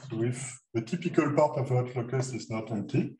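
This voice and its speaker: A man's voice: mid-range voice, dark tone. Man lecturing in an echoey hall. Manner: halting, many fillers and restarts. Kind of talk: math seminar lecture. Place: lecture room. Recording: echoey lecture hall, mic far off, noisy.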